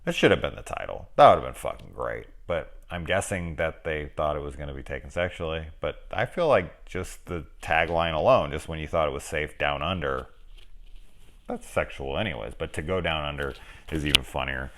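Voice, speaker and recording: A man's voice: extremely low pitch, expressive, fairly quick, a bit bright. A man reviewing a film in casual, rambling, joking chat, swearing freely. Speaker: movie reviewer.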